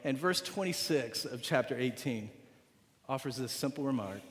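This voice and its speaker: A man preaching a sermon, retelling a story with dramatic swings between loud and hushed delivery and repeating phrases for emphasis. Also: medium pitch, animated, normal speed. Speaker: pastor. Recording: long reverb of a large hall.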